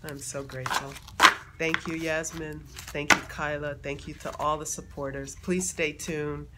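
A woman, excitedly chatting to her viewers, laughing and calling them y'all. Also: sits low, unhurried. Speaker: playwright unboxing a project deck. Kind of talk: casual vlog talk. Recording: background noise.

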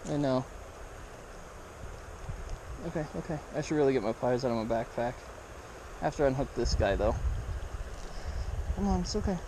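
A man vlogging while fishing a river, talking excitedly to viewers and the fish on an action camera. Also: medium pitch, moderate pace, long pauses. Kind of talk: excited outdoor fishing commentary. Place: outdoors by a river. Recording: noisy outdoor camera audio. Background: river water and wind.

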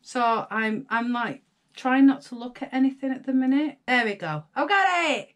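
Brief: young Northern English woman vlogger, gushing and excitable, a touch higher in pitch. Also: moderate pace. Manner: gushing, excitable, gasps and chatters to viewers. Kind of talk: casual unboxing chat.

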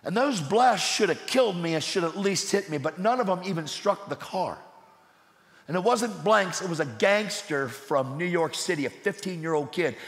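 A man preaching a sermon in a church, swinging from loud, urgent bursts to hushed, low passages. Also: lively intonation, normal speed. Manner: intense, swings from shouting to hushed. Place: church sanctuary. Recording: roomy hall with long reverb.

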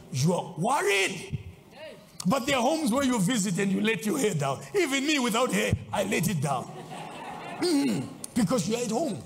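A man preaching a sermon as a bishop, swinging between loud exclaims and low asides. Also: vocal fry. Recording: long hall reverb.

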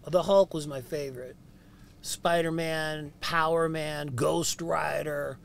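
A man from Canada with a high, raspy speaking voice, telling stories in casual chat and swearing freely. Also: fairly even intonation, slow pace. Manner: swears freely, jumps into voices mid-story. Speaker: podcast guest. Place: inside a van. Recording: faint noise in a vehicle.

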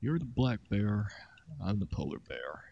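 A man's voice: lowish voice, very animated, measured pace, vocal fry, husky, no room sound, muffled recording. A man chatting casually while playing a survival game with friends, joking around. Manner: joking, easygoing banter. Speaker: gamer. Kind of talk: casual gaming chat.

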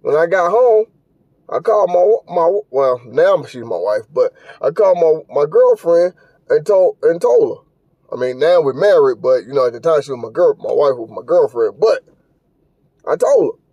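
Blunt, cussing high-voiced man. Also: lively intonation, moderate pace, warm tone, dry recording, muffled recording. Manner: blunt, profane, scolding. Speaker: podcast host. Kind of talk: casual reaction commentary.

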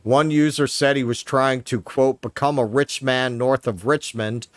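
A man from Queens, New York, with a New York accent co-hosts a political commentary show, reading the news aloud with mocking, sarcastic, and profane asides. His voice is medium-pitched and steady, with a measured pace and no echo.

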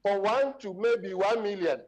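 A Ghanaian man with a notably high voice argues his case as a studio panel guest. He switches between Twi and English. His delivery is emphatic and impassioned, close to preaching. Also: measured pace, a little mellow, dull audio. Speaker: studio guest addressed as doctor.

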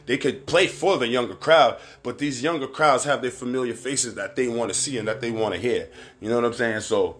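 A man with a Barbadian accent hosting a livestream show, talking candidly and with plenty of profanity, rambling between points and shouting out viewers by name. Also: mid-range voice, fairly quick. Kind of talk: casual live-stream commentary.

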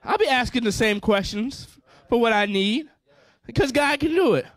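Fervent high-voiced pastor preaching. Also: male voice, lively intonation, moderate pace, a bit bright, dry recording. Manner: fervent, repeats phrases, call-and-response. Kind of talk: sermon.

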